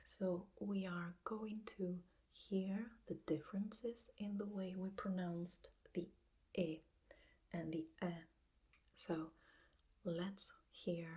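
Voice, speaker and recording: A woman with an Italian accent whispering a language lesson in a breathy ASMR voice, with hesitant fillers. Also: fairly low pitch, darkish tone. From Italy. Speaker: language teacher.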